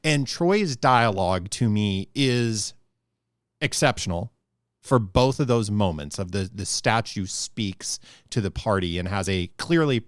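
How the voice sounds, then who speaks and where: A man's voice: fairly low pitch, lively intonation, unhurried, dry recording, clean studio sound. A man co-hosting a podcast, chatting casually about running tabletop games and thinking aloud with asides. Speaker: podcast co-host.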